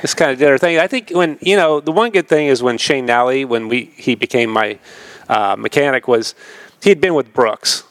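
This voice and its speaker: Middle-aged man, podcast guest, mid-pitched voice, dry close sound, casual rambling storyteller, acts out quotes. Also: normal speed, a bit bright, no room sound. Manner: laid-back, rambling, laughs often, acts out quoted voices. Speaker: podcast guest, retired motocross racer.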